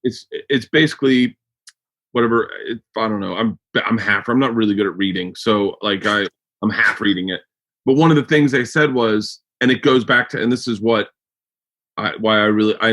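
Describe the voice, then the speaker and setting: An American podcast host with a medium-pitched, fairly bright voice chats casually and briskly, rambling and swearing with lots of restarts.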